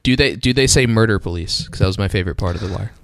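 A man's voice: on the low side, racing, dry recording, studio quality. A man co-hosting a podcast, throwing in blunt, jokey remarks with some swearing. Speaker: podcast co-host. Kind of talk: casual chat.

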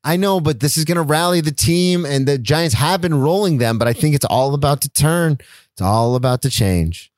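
A man's voice: on the high side, moderate pace, dry recording, clean studio sound. A man co-hosting a podcast, giving blunt opinions in casual sports chat, swearing and repeating himself. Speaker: podcast co-host.

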